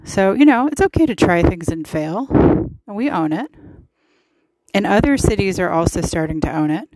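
A woman's voice: mid-range voice, expressive, normal speed, darkish tone, no room sound, rough recording. A woman hosting a podcast, giving casual political commentary in a chatty, emphatic way with lots of fillers. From United States. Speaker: podcast host.

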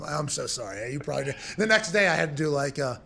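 This is a man in his thirties with a gravelly edge and a voice pitched a little high. He hosts a sports talk show and tells heated, profanity-laced locker room stories. He slips into mocking voices as he goes. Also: lively intonation, fast, noisy background. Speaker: host, former punter.

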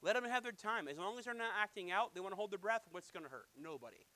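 Bright-voiced, emphatic male pastor preaching. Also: high-pitched, expressive, quick pace, low-quality recording. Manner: emphatic, repetitive, anecdotal storytelling. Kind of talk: sermon.

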